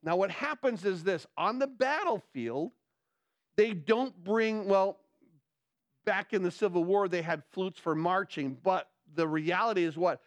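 A male pastor preaching a sermon, excitable and getting louder as he gets worked up, often restarting his words. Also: high voice, measured pace, no echo. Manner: excitable, gets loud when excited, many repeated restarts.

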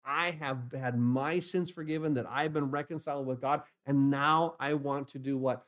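A pastor preaching a sermon, asking rhetorical questions and repeating phrases, swinging from hushed lines to loud emphatic bursts. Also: male voice, mid-range voice, steady tone, normal speed.

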